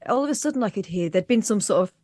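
A woman, co-hosting a casual podcast chat over a remote call and recounting events in a calm, measured way. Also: medium pitch, no room sound. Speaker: podcast co-host.

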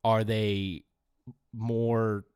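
A man co-hosting a podcast in casual sports chat, dropping to low mumbles and then rising into excited outbursts. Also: drawn-out words, clear, resonant tone, dry recording, clean studio sound. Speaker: podcast co-host.

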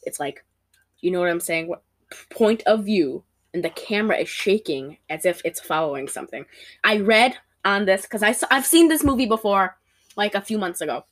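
A woman chatting casually about a movie she just watched, animated and giggly, often breaking into character voices. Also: mid-range voice, normal speed. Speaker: podcast co-host. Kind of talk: casual movie review chat.

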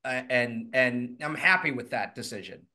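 A man's voice: mid-range voice, normal speed, pushed and bright. A man in his fifties, a podcast guest telling stories in a casual, blunt way, swearing freely and acting out what people said. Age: 50s. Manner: blunt, swears freely, acts out quoted lines. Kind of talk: casual storytelling.

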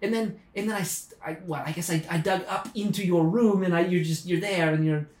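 A man's voice: high-pitched, steady tone, fairly quick, a little mellow, reverberant, natural voice. A man playing an awkward, apologetic Australian man who has dug up from underground, speaking with an Australian accent, stammering and flustered. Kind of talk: improvised comedy sketch.

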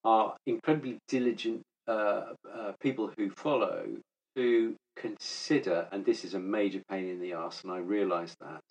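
A man co-hosting a veterinary podcast in casual chat, measured as he proposes ideas. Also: fairly low pitch, poor audio.

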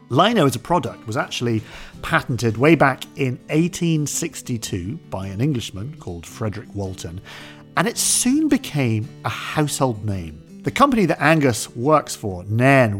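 A man hosts a history podcast and tells his story conversationally. His pitch sits in the middle, but his intonation swings widely and animatedly. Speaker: podcast host.

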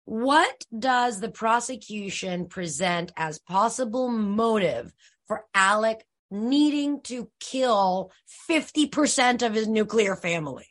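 A woman's voice: a little high, animated, slow, a bit bright. A woman co-hosting a podcast, talking in a casual, wry and blunt way about a true-crime case. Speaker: podcast co-host.

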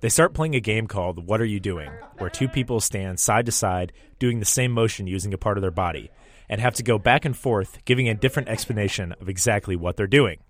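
A male radio host reads a scripted segment narration. His voice sits on the low side, and his humor is wry and self-deprecating. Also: brisk.

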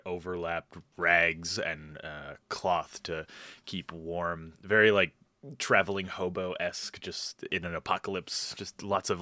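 A man playing in a tabletop game, slowly describing his character with many pauses. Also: low-pitched, pushed and bright, dry recording. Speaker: tabletop player.

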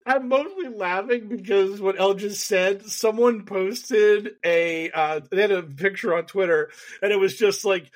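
A man co-hosting a casual comedy podcast, telling a story with laughs and quick mimicry. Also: high voice. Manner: storytelling, laughs often, mimics people in quotes. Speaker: podcast co-host.

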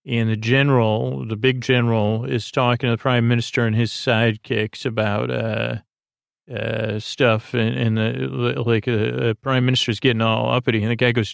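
A man's voice: medium pitch, flat delivery, moderate pace, vocal fry, clear, resonant tone, dry recording. A man hosting a sleep podcast, casually retelling a story in a meandering way full of "uh" and "like". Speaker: podcast host.

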